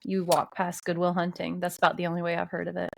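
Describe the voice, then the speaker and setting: A woman's voice: on the low side, monotone, fast talker, gravelly. A woman from the American South co-hosting a casual movie podcast, joking and laughing with her partner. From Southern United States. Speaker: podcast co-host. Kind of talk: casual movie-review chat.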